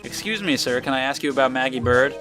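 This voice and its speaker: A man's voice: mid-range voice, animated, fast, music in the background, natural voice. A man voicing a polite young male lawyer who asks careful questions.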